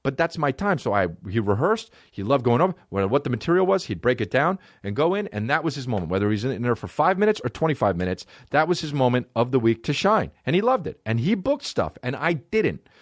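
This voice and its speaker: Man ranting with wild pitch swings. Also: a little fast, hardly any pauses, no echo, studio quality. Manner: profane, excitable, swings between shouting highs and low mutters. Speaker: podcast host. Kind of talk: solo comedy podcast rant.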